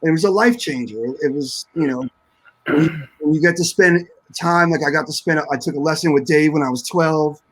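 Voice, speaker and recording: A man's voice: fairly high pitch, a little fast, fairly bright tone, low-quality recording. A man speaking as a guest drummer in a casual panel chat, emotional and searching for words.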